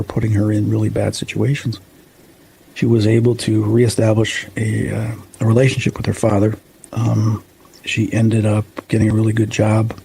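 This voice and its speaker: A man in his fifties from the Chicago suburbs, a paranormal investigator telling a story in a rambling, halting way with restarts. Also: fairly low pitch, gravelly, mellow, slight background noise, rough recording. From Chicago suburbs, USA. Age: 50s. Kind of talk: casual storytelling interview.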